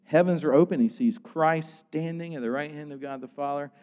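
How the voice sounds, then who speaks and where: Pastor, man, slightly higher voice, dramatic storyteller who swings loud and soft, booming sanctuary reverb. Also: fairly quick, highs cut off. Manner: animated, acts out scenes, swings from loud to hushed. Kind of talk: sermon.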